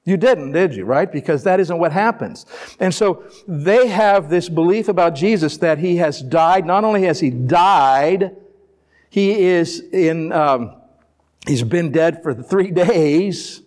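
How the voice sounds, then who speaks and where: A man's voice: on the high side, takes it slowly, a little mellow. A man preaching a sermon to a congregation, reading scripture aloud and explaining it in a conversational way, with rhetorical questions and playful asides. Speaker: pastor. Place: church before a live congregation.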